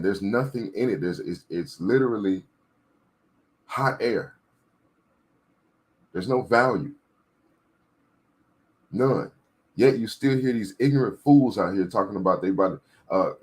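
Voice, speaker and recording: A man with a very low voice that carries a husky edge gives a political rant. He hammers points home by repeating them and keeps checking in with whoever is listening. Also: a little mellow. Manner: emphatic, repetitive, preachy. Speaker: political commentator. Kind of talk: ranting commentary.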